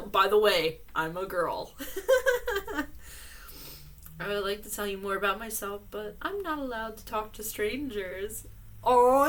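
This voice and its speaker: A woman's voice: medium pitch, fairly bright tone. A woman reading letters aloud with commentary, laughing often between lines. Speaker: reader and commentator.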